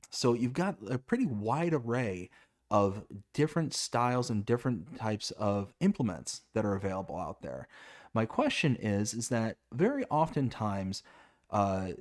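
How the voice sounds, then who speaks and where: A man's voice: medium pitch, a little mellow. Chatty male livestream host. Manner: enthusiastic, wordy, reads viewer questions. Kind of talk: livestream interview.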